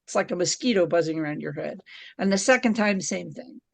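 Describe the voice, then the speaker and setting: A middle-aged woman speaks as a podcast guest, telling her stories with animated energy and frequent laughter. Her voice has a gravelly edge and swings widely up and down in pitch. The sound is close and dry, with no room behind it. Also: brisk, dry recording. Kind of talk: conversational storytelling.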